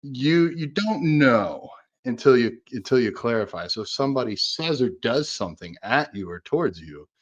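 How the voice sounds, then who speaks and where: A man's voice: sing-song, moderate pace, no echo, dull audio. A man co-hosting a podcast in casual chat, self-deprecating, acting out quoted conversations with big jumps in his voice. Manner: acts out quoted exchanges with big pitch jumps; self-deprecating, says he is an introvert. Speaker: podcast co-host.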